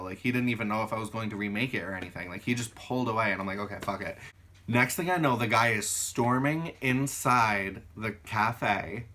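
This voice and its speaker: A young man telling work stories casually on his channel, animated and swearing freely as he acts out arguments. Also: medium pitch. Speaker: YouTuber. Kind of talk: casual storytelling.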